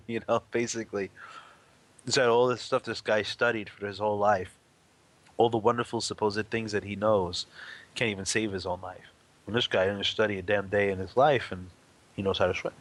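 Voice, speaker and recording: A man's voice: on the low side, normal speed, long pauses. A man sharing teaching stories in an easygoing, rambling way, acting out the voices in them. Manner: rambling storyteller, animated quoted voices. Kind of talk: casual spoken teaching.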